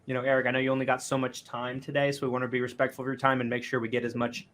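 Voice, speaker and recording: Brief: man podcast host, mid-pitched voice, rambling question setups full of fillers. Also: monotone, racing, a bit bright. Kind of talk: casual live podcast.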